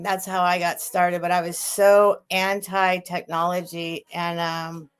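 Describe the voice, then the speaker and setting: A woman's voice: on the low side, flat delivery, unhurried, a bit bright, clean tone. A middle-aged woman hosting a live sale stream, chatting casually, rambling with restarts and answering viewers' comments. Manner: rambling, restarts and trails off, reads and answers chat. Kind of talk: casual chat on a livestream.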